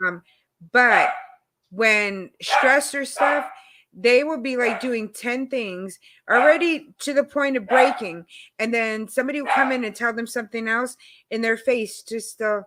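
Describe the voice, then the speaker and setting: A woman with a New York accent, telling stories in a casual chat, her voice rising as she gets excited. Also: on the high side, measured pace, very noisy. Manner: animated storytelling, voice rises when excited. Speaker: guest.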